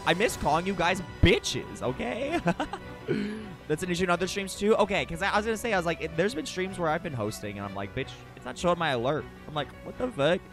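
A male game streamer talks to his live chat in a fairly high, lively voice that swoops all over the place. He swears freely and throws himself into over-the-top mock rants. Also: a little fast, over music. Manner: animated, swears a lot, goes on dramatic mock rants. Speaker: Twitch streamer.

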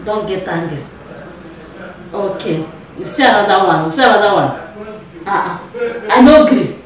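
A woman's voice: medium pitch, animated, normal speed, recorded from a distance. A woman with a Nigerian accent, chatting and teasing in a casual family vlog, laughing often. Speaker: vlog host, mother. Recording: echoey room, off-mic.

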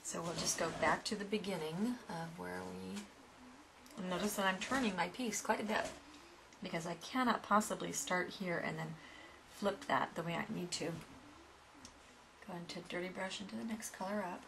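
A woman's voice: on the low side, normal speed, gravelly, background noise. A woman giving a step-by-step painting lesson in a chatty way, with asides to her students. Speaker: painting instructor. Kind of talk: painting tutorial.

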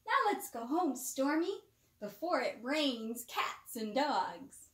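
A woman's voice: sits high, big pitch swings, slow, exaggerated voice. A woman voicing a cheerful young girl in a storybook reading, recorded with a roomy echo.

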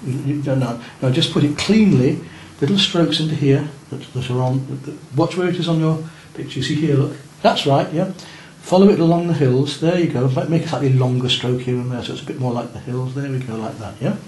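A man's voice: mid-range voice, fairly quick, few pauses, darkish tone. A man teaching a beginners' painting lesson, guiding and encouraging students in a classroom as he works. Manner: coaching and encouraging, checking on students' work. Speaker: art teacher. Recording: roomy room with faint noise.

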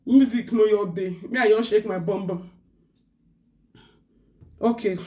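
A woman's voice: medium pitch, unhurried, mellow, far from the mic. Ranting Nigerian woman live-streaming. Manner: talkative, ranting, mixing pidgin into English. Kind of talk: casual live-stream rant.

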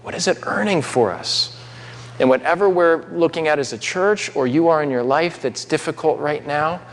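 A man's voice: a little high, normal speed. A man preaching a sermon in a conversational way, with asides to the congregation. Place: church sanctuary. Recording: long hall reverb.

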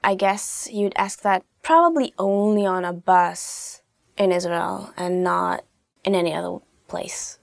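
A woman teaching phrases in a casual video lesson, chatty and quick to laugh, dropping into soft asides now and then. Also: lowish voice, gravelly, no echo, clean studio sound. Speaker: language teacher.

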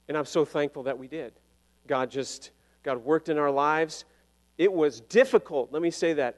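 A man preaches in a fairly high voice, telling his story in a loose, self-deprecating way and laughing at his own jokes. His words ring out with the long reverb of a church sanctuary. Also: moderate pace. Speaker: pastor. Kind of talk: sermon.

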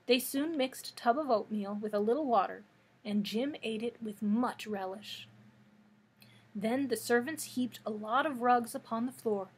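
Breathy woman reading a children's story. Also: a little high, rough recording. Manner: steady storytelling narration. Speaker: librarian. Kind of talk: children's story read-aloud.

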